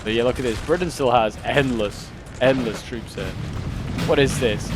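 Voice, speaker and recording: A man casually commentating a strategy-game battle, chatty and excitable with lots of fillers. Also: medium pitch, normal speed, music in the background. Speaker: gameplay commentator. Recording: loud gunfire and artillery from the game. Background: battle sounds, cannon and musket fire.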